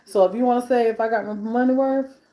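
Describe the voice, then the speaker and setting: A woman's voice: fairly high pitch, steady tone, fast, mellow. A woman hosting a live stream in casual chat, talking between bites while she eats and piling up repeated phrases for emphasis. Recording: echoey room.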